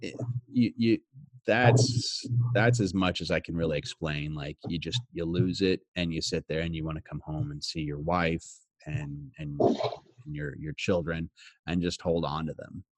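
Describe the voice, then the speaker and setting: A man who is a father, telling a personal story in a halting, heartfelt way with frequent restarts. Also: very deep voice, steady tone, no echo. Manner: emotional, halting, repeats words. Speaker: guest.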